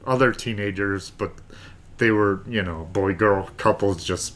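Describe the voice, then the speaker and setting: A man co-hosting a podcast, telling a story in relaxed casual chat. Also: lowish voice, measured pace. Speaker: podcast co-host.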